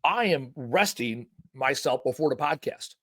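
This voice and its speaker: A man's voice: medium pitch, unhurried. A man hosting a podcast in casual chat, talking in an emphatic, folksy way and swearing freely. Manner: animated, emphatic, folksy and profane. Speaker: podcast host.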